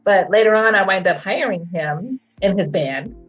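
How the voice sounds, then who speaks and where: A middle-aged woman from the telling her story as an interview guest, animated and laughing, acting out quotes in a high voice. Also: normal speed. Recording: dull lo-fi sound with faint music.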